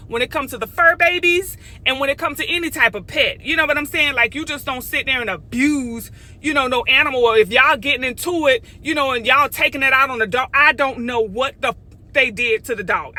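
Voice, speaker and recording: A middle-aged woman, telling a story in a casual vlog, animated and sassy, talking straight to her viewers. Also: high voice, brisk. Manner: animated, sassy, talks straight to viewers with lots of "okay?" and "y'all". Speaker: vlogger.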